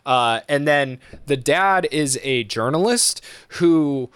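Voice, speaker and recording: A man's voice: takes it slowly, clean tone, no room sound. A young man in casual chat, rambling through a story with lots of swearing and fillers. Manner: animated, acts out quotes in high voices.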